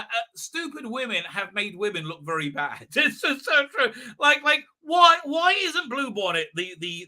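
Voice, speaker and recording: A man's voice: high voice, bright, forceful tone. A man hosting a livestream, giving a rambling, sarcastic commentary, full of fillers and restarts. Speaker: livestream host reviewing a TV episode.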